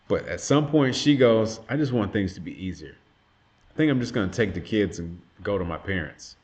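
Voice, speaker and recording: A man in his thirties, a father earnestly telling a personal testimony about a hard time in his life. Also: lowish voice. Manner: earnest, reflective, emotional retelling.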